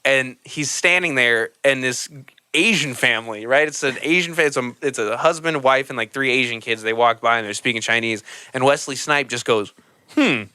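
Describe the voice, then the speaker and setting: Animated, bright-voiced male podcast host. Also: medium pitch, moderate pace, smooth, dry recording. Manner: animated storyteller, acts out quotes, laughs often. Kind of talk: casual chat.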